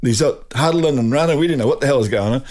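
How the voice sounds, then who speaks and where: A man's voice: medium pitch, very fast, darkish tone. An older man with an Australian accent, a guest telling rambling anecdotes in casual conversation, with laughs and restarts. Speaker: guest, drag racing champion. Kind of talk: casual storytelling.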